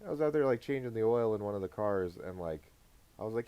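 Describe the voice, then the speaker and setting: A man's voice: fairly low pitch, expressive, quick pace, mellow, smooth. A man in his thirties co-hosting a podcast, rambling through a story with lots of filler words and swearing. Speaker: podcast co-host. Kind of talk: casual podcast chat.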